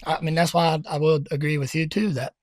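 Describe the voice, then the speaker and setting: A man's voice: a little high, steady tone, fast talker, dry recording. A man co-hosting a casual podcast who talks bluntly and loosely, swears freely, and often cuts in over his partner. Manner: blunt, loose and profane, jumps in over others. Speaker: podcast co-host. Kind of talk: casual chat.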